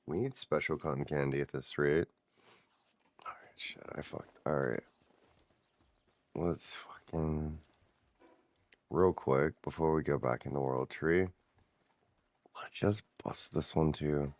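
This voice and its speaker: A man's voice: a bass voice, steady tone, slow pace, long pauses, a little mellow, no room sound. A man streaming a game, chatting casually with viewers and swearing offhand as he plays. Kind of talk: casual gameplay commentary.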